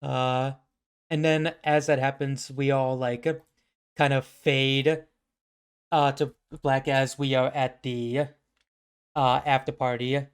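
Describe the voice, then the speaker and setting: A man's voice: mid-range voice, flat delivery, takes it slowly, smooth. Rambling game master man. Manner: rambling, full of fillers. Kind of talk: narrating a tabletop game.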